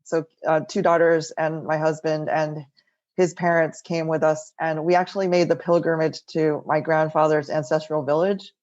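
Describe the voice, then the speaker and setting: A chatty middle-aged architect, interviewed remotely from her home, tells personal stories and leans heavily on "like" and "right?". Her voice sits low with little pitch movement, a touch mellow, at normal speed, and the sound is lo-fi.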